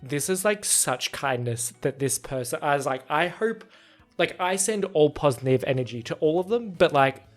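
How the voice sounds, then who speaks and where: Young male podcast host, higher register, lively casual storyteller, light music bed. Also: normal speed. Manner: animated, acts out quotes in a higher voice.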